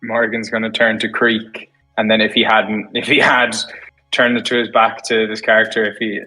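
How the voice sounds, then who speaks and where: Guy at a tabletop game, rambling and correcting himself, bright voice. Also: on the low side, level tone, moderate pace, soft background music, rough recording. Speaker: player.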